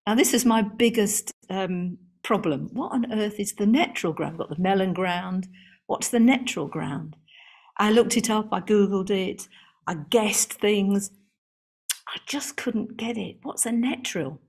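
A woman's voice: mid-range voice, measured pace. A woman garden historian giving a seminar talk to a room and online audience, chatty and amused, reading out lists with frequent ums and restarts.

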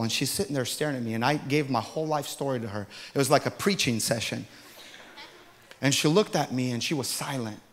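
A man preaching a testimony sermon, telling his story in an animated way and acting out the dialogue, swinging from hushed to loud. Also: medium pitch, fairly quick. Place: large church hall. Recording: long hall reverb.

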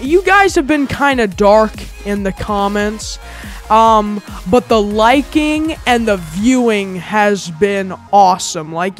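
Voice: mid-range voice, fairly bright tone. YouTuber, casual intro, rambling, chatty, faint music behind.

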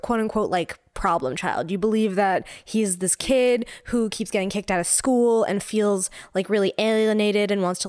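A woman co-hosting a podcast in casual chat, talking quickly with lots of fillers and restarts. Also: medium pitch, no room sound, clean studio sound. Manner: animated, talks fast with many fillers and restarts. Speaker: podcast co-host.

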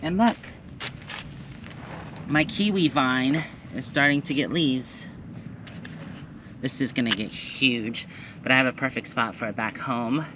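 A man's voice: medium pitch, a little slow, pauses often, background noise. A man chatting cheerfully through a casual gardening vlog outdoors at a camp, cooing at his pets. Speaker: vlogger.

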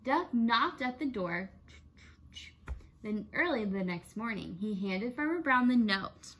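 A woman teacher reads a children's picture book aloud with expressive storytelling. Her voice is a little high, and she takes it slowly.

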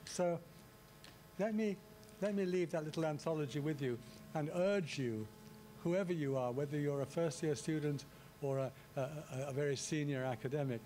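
A man delivering a public lecture in a relaxed, chatty way, often restarting his sentences and adding asides. His voice sits a little higher than usual for a man. A faint hum runs under the recording. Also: normal speed. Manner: conversational, many restarts and asides. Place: lecture hall.

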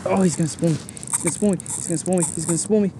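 A man vlogging from a kayak while fishing, exclaiming and talking excitedly to his viewers, short of breath. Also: high voice, very fast. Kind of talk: excited outdoor commentary. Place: on a kayak on open water. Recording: noisy outdoor recording.

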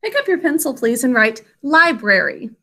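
Brief: a woman as a high, bright-voiced phonics teacher, slowly sounding out words. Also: sing-song, creaky. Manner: slow, drawn-out sounding out of words; encouraging praise for students. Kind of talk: spelling and phonics lesson.

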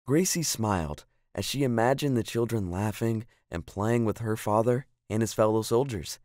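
A man reads a children's storybook aloud in a calm, clear and even way. His voice sits low. The sound is dry and close. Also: normal speed, few pauses, no room sound.

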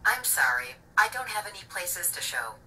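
A synthetic woman's voice of a voice assistant, answering politely in an even, machine-like way, played from a device speaker. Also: fairly low pitch, normal speed, distant mic. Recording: device speaker heard from off mic, loud noise.

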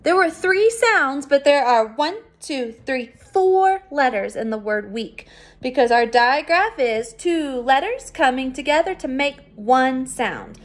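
A woman teacher giving a recorded phonics lesson for children, patient and sounding out words slowly. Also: high-pitched, lively intonation.

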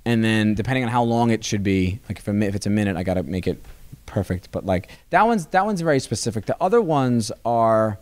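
A man, a stand-up comedian, chatting as a podcast guest in a rambling, animated way with many restarts. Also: fairly low pitch, a little fast, dry recording. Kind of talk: casual interview chat. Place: comedy club.

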